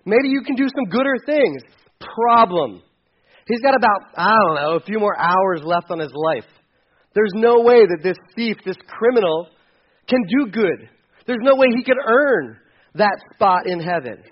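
A male pastor preaches in a high voice, in a loose, conversational way. He often restarts and corrects himself and drops in joking asides. The recording sounds dull and lo-fi. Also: animated, a little slow. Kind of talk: sermon.

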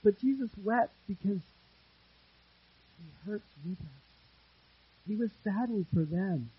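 A man preaching a sermon as pastor, earnest, repeating phrases for emphasis and swinging between loud and hushed delivery. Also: sits high, expressive, slow pace, breathy edge, lo-fi sound.

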